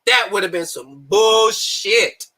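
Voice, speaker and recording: A man giving heated, profane boxing commentary, often breaking into shouts. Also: high-pitched, lively intonation, slow pace. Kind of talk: ranting commentary.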